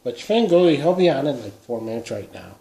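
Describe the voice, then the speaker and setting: A man's voice: mid-range voice, big pitch swings, fairly quick, vocal fry, warm tone, slight background noise. A man playing a middle-aged Minnesotan who rambles while drinking beer, speaking with a Minnesota accent. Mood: rambling. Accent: Upper Midwest (Minnesota). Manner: rambling, meandering, trails off. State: tipsy from beer. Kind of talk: comedy character vlog. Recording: echoey room.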